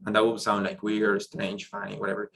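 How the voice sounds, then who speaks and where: A man leads a French pronunciation class, his voice sitting a little low. He explains patiently, stopping and restarting with plenty of fillers, and a faint hum of background noise runs under him. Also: monotone, fairly quick, gravelly, fairly bright tone, poor audio. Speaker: French teacher. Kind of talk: online class lesson.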